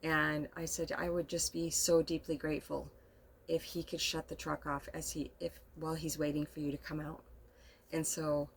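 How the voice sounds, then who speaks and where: A middle-aged woman with a fairly low voice talks to her camera from inside a camper. She rambles softly through a personal story, emotional and quick to laugh, in an unscripted, casual way. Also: level tone, creaky, a little hiss or hum. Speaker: vlogger.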